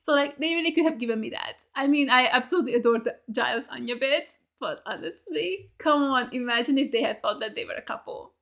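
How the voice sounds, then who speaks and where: A woman's voice: sits high, fairly quick, gravelly, hardly any pauses. A young woman hosting a reaction video, talking casually and heatedly, swearing freely as she gushes and rants about a show. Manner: heated, animated, swears freely, gushing fan.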